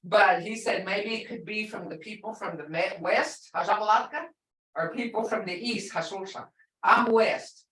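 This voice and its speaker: A chatty woman instructor talks casually with her class and repeats words slowly so they can follow. Her voice sounds echoey and a little distant from the mic, as if picked up across a room. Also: mid-range voice, fairly bright tone. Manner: chatty, explains with stories, repeats words for learners. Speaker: language instructor.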